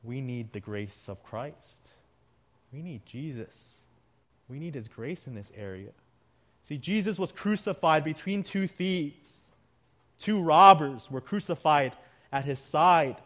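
Earnest male preacher, slightly high voice. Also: lively intonation, slow pace. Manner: earnest preaching, drops to quiet emphasis. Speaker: pastor. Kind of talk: sermon.

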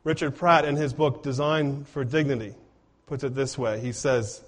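A man's voice: mid-range voice, steady tone, normal speed. A man preaching a sermon in an earnest way, often putting rhetorical questions to his congregation. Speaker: pastor.

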